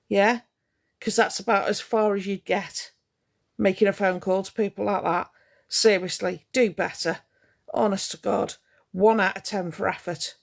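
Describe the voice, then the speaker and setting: A woman livestreaming, bluntly cross and sarcastic as she reads and answers her chat. Her voice is mid-pitched with a gravelly, creaky edge. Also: fairly even intonation, measured pace. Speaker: livestream host. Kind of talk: ranting livestream talking to chat.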